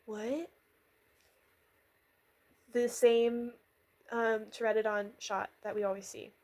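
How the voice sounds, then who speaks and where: A woman's voice: fairly high pitch, flat delivery, measured pace, a little mellow. A woman giving a casual, rambling recap, chatty and sarcastic, with lots of fillers, quoting characters in her own voice. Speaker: vlogger recapping a miniseries.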